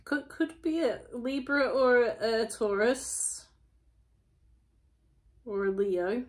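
A woman's voice: a little high, extremely slow, a little mellow. A woman chatting through a casual tarot reading, asking lots of rhetorical questions. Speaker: tarot reader.

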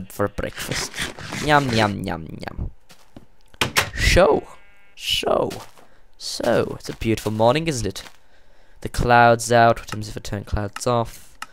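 A man giving casual gameplay commentary, excitable and jumpy, rambling and yelping as he plays. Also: fairly low pitch, vocal fry, slight background noise. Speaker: let's play gamer.

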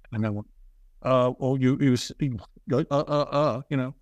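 A man as an interview guest, telling stories in a rambling, halting way with self-deprecating asides. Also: mid-range voice, dry recording. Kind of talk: casual storytelling.

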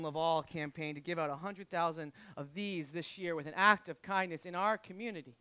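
A male pastor preaching a sermon with self-deprecating humor, swinging between loud emphatic bursts and hushed lines. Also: sits high, animated, moderate pace, hardly any pauses, clean tone, no echo.

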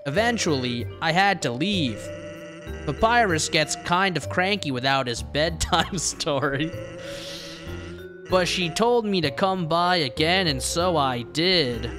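A man reading aloud as a laid-back joking male skeleton in a video game, in a slow drawl that leans southern. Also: a little high, animated, music in the background. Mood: easygoing.

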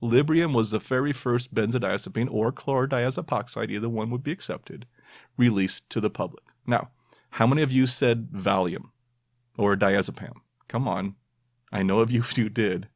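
A man's voice: mid-range voice, moderate pace, dry recording, studio quality. A man hosting a podcast, quizzing his listeners in a playful, self-mocking way. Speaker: podcast host. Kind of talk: quiz-style podcast monologue.

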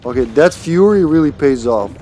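A man streaming a video game live, cursing and joking at the enemies while he plays, with a sore throat he keeps clearing. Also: on the high side, animated, normal speed, mellow, soft background music. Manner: swears freely and jokes at the game. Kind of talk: casual live gameplay commentary.

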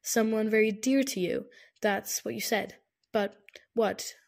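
A woman's voice: medium pitch, steady tone, a little slow, creaky, darkish tone. A woman reading an audiobook, voicing a protective young man who speaks firmly and earnestly. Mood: sharp. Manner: firm, insistent, earnest. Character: firm, caring young man, protective and stubborn. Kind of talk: audiobook character voice.

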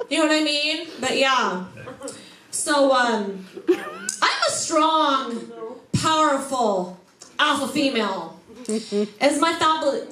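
Brash woman stand-up comedian, high voice, profane, echoey club room, background noise. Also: a bit bright. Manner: brash, profane, crowd-teasing.

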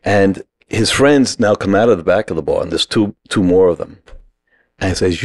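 A man telling a lively anecdote in a casual podcast chat, acting out the people he quotes. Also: low voice, moderate pace, no echo. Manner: animated anecdote teller who acts out quotes. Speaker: podcast guest. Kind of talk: casual storytelling.

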